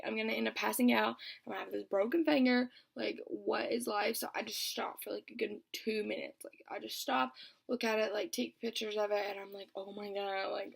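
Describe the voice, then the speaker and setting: A woman's voice: medium pitch, gravelly, pushed and bright. A young woman telling a storytime vlog in a chatty way, filling almost every phrase with "like". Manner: chatty, says "like" constantly. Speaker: vlogger.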